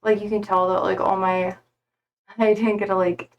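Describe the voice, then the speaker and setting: A woman's voice: medium pitch, flat delivery, normal speed, dull audio. A young woman streaming live, chatting casually with her viewers, laughing often and swearing freely. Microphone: streaming setup.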